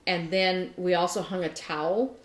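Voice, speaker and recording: A woman with a slightly low voice tells an animated, laugh-filled story in casual conversation. Her voice rings in a roomy space. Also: moderate pace. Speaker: podcast co-host. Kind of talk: casual chat. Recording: roomy echo.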